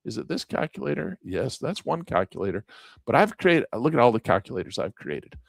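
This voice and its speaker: An animated man talks through his investing calculators, piling up repetitions and poking fun at himself. His pitch leaps high and drops low through each thought. The sound is dry and close, with no room around it. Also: fairly quick, creaky, no echo. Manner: animated, repetitive, self-mocking asides. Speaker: finance educator. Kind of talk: casual screen-share tutorial.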